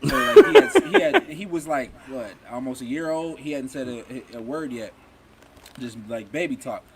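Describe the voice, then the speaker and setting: A man telling a halting, laughing story about his son in casual chat. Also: mid-range voice, big pitch swings, heavy background noise.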